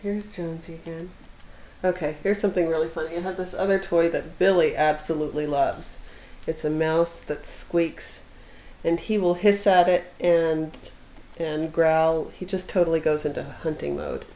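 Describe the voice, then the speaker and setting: A woman filming her kittens at home, talking to them softly in a casual, cooing voice. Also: low voice, fairly even intonation, moderate pace, a little hiss or hum, poor audio. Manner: soft-spoken, coos and baby-talks to the cats. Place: indoor room with kittens.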